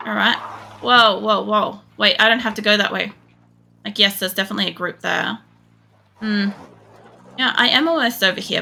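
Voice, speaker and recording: A woman's voice: medium pitch, gravelly, bright, forceful tone, slight background noise. An Australian woman streaming a game, chatting casually in a rambling way, swearing often and filling gaps with fillers. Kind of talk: casual gameplay chat.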